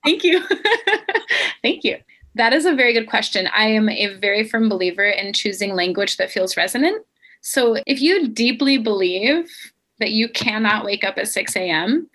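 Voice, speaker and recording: A woman's voice: mid-range voice, moderate pace. A young woman life coach talking earnestly and encouragingly in a casual podcast conversation. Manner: earnest, encouraging, quotes others in lively voices.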